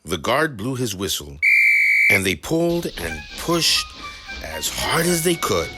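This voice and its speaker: Slow, expressive male storyteller. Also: fairly low pitch. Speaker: narrator. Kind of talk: storybook narration. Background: background music.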